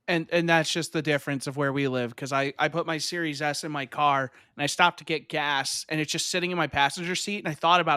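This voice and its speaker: A podcast co-host tells an offhand story in easygoing casual chat. His voice is bright and smooth and sits a bit high. The sound is dry and close. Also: fairly even intonation, fast talker, few pauses, no echo.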